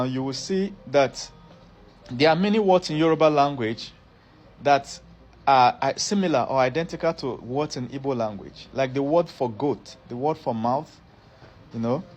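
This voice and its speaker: Speaking at a moderate pace with a medium-pitched, slightly mellow voice, a middle-aged man lectures as an educator. He explains his subject step by step and frequently restates his phrases to stress them.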